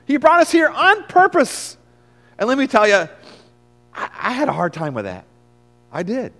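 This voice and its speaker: A man's voice: high-pitched, wildly swooping pitch, normal speed, faint music behind, full character voice. A preacher as an earnest fisherman disciple. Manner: storytelling, swinging between hushed and loud. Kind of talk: first-person dramatic sermon monologue. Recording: long reverb of a large hall.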